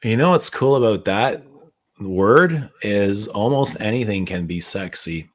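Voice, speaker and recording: A man's voice: lowish voice, lively intonation, unhurried. A man hosting a late-night livestream, talking in a laid-back, drawling way and laughing often. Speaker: perfume brand owner hosting a livestream.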